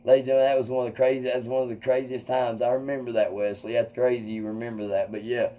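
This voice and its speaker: A man telling a wild personal story to viewers, animated and swearing, acting out quotes loudly. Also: mid-range voice, rapid-fire, rough recording. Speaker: comedian host.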